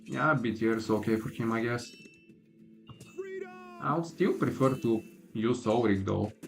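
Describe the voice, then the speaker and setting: A man's voice: mid-range voice, unhurried, creaky, over music. A man giving casual, opinionated livestream commentary while he plays, with a laid-back manner and lots of filler words. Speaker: gaming livestreamer.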